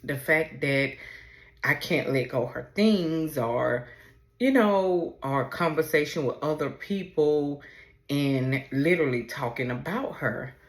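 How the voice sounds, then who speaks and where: A woman in her forties hosting a personal podcast, talking in a halting, emotional way as she fights back tears. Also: low-pitched. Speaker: podcast host. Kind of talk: personal podcast talk on camera. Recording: roomy echo.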